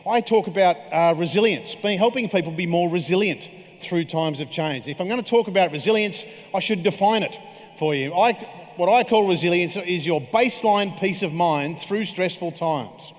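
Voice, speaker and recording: Keynote speaker in his forties, higher voice, chatty and jokey, long hall echo. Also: moderate pace. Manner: jokey, conversational storytelling. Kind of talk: keynote speech. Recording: reverberant hall.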